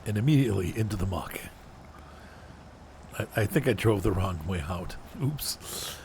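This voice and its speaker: A man's voice: sits low, moderate pace, darkish tone, a little hiss or hum. A man streaming a driving game, chatting casually and answering viewers in chat by name as he plays. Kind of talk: casual gameplay commentary.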